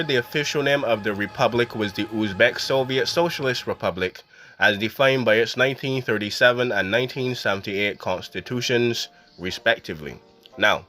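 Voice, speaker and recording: A man's voice: mid-range voice, sharp tone. A man hosting a loose, self-mocking history narration, stumbling and correcting himself as he goes. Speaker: channel host. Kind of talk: casual improvised history narration.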